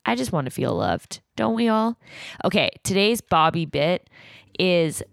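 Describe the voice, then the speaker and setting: A woman's voice: on the low side, big pitch swings, normal speed, vocal fry, no room sound, studio quality. A woman hosting a podcast with her father, talking casually and candidly, with the odd swear. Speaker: podcast host.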